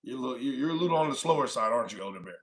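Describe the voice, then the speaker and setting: A man hosting a live stream, teasing and arguing with a caller in rapid questions. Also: medium pitch, animated, a bit bright. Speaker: stream host. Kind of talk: casual live-stream debate.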